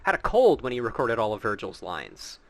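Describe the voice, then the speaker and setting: A man's voice: medium pitch, sing-song, brisk. A man streaming a game who chats casually, laughs often and swears. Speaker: streamer reading a game aloud.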